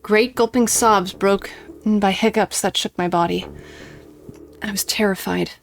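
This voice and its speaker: A young woman streams a visual novel, reading its text aloud and reacting bluntly with swearing. Her voice sits at a middle pitch. Soft game music plays behind her. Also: steady tone, measured pace, gravelly.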